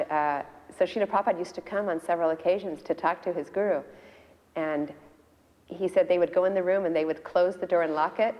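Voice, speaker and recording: Older woman, lowish mellow voice, chatty storyteller acting out quotes, long room reverb. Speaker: devotee sharing memories. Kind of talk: recounting a personal memory.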